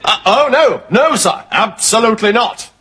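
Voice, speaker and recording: An actor playing an eager, dim, posh young British lieutenant, gushing and naive in an upper-class English accent, in a sitcom. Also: male voice, high-pitched, lively intonation, moderate pace, bright, forceful tone, husky, full character voice. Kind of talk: sitcom acting before a studio audience. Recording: hissy TV sitcom audio with audience laughter.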